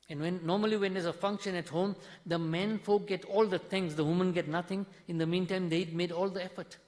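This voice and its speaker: A man's voice: high-pitched, steady tone, fairly quick, few pauses, darkish tone. Man preaching in a reverberant mosque hall. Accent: South African. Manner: earnest, conversational preaching with acted-out stories. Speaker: mufti giving a talk in a mosque. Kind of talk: sermon.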